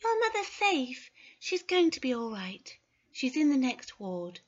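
A woman's voice: high voice, sing-song, a little slow, highs cut off, voice pushed up, exaggerated voice. A woman voicing a kind hospital nurse who reassures children in an audiobook. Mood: soothing. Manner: soothing, reassuring.

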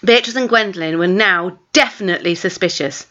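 A woman narrating a children's novel in a lively, expressive reading voice. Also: medium pitch, measured pace. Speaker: audiobook narrator. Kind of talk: storybook reading. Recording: dull lo-fi recording.

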